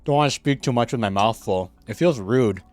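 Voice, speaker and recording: A man's voice: medium pitch, brisk. A man streaming a game, chatting casually and rambling with lots of fillers and restarts, sometimes talking while chewing food, into a streaming microphone. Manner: laughs easily, gets excited at game moments.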